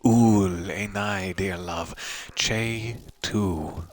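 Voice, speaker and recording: A man reading out the lines of a grieving ancient bug widow from a game, slow and wavering. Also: sits low, faint music behind, exaggerated voice. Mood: grieving, tender.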